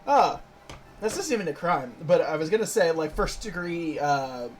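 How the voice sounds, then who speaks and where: A man's voice: normal speed, slight background noise. A man streaming a video game, chatting and joking playfully with friends. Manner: playful, laughs often, animated pitch. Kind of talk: casual joking chat.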